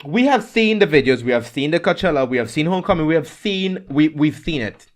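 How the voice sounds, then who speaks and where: Animated gushing man, lively pitch. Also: fairly quick. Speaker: podcast co-host. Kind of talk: casual chat.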